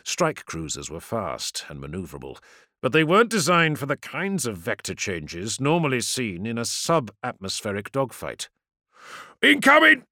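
A man's voice: lowish voice, big pitch swings, moderate pace, pushed and bright, no room sound, studio quality. A man reading a science fiction audiobook in a dramatic, vivid narration style.

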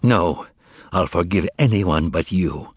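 A man's voice: fairly high pitch, lively intonation, moderate pace, husky, dry recording, clean studio sound, pitched above the performer's own voice. Raging young poet, agitated and raised, as a male narrator puts him on. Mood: cold hatred. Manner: angry, agitated.

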